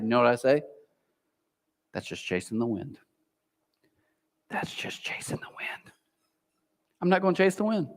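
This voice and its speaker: Animated male preacher in a reverberant hall. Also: on the high side. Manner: animated preaching, acts out a whispering inner voice. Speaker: pastor. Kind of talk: sermon. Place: large church auditorium.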